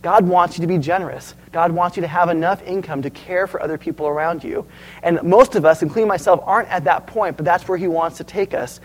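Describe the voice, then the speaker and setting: Animated high-voiced male preacher. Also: brisk, rough recording. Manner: storytelling, animated, asks the audience questions. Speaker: pastor. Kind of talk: sermon.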